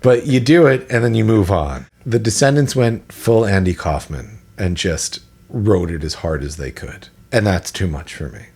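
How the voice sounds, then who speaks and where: A man's voice: fairly low pitch, animated, normal speed, hardly any pauses, a little mellow. A man co-hosting a podcast in casual chat, opinionated and rambling with restarts. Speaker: podcast co-host.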